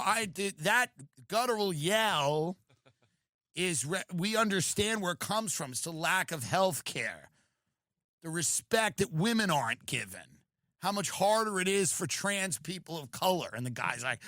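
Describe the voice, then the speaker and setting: A man's voice: fairly high pitch, bright, forceful tone, no echo, studio quality. A man hosting a comedy podcast, riffing sarcastically and acting out mocking voices.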